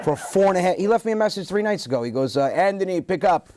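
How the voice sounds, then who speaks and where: A man who is a comedian telling animated, self-deprecating stories as a guest on a talk show. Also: high voice, very fast, crowd noise. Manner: animated, self-deprecating storyteller with frequent restarts. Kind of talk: casual storytelling interview.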